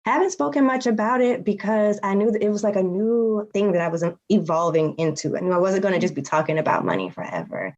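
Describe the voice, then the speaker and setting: Woman guest thinking out loud about life, kinda muffled lo-fi audio. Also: medium pitch, expressive. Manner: candid and reflective, with quick laughs. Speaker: podcast guest. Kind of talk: casual conversation.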